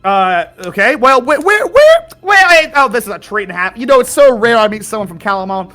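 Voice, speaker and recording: A man's voice: very high voice, sing-song, quick pace, sharp tone, soft background music. A man running a tabletop game as game master, slipping into a folksy drawl for his characters and laughing often. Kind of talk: playing a tabletop game, doing character voices.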